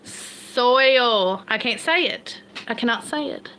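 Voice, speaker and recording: A woman's voice: on the high side, expressive, moderate pace, creaky, bright, forceful tone, a little hiss or hum. A woman from Kentucky with an Appalachian accent, chatting casually and rambling on a livestream, laughing at herself. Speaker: homestead livestream host.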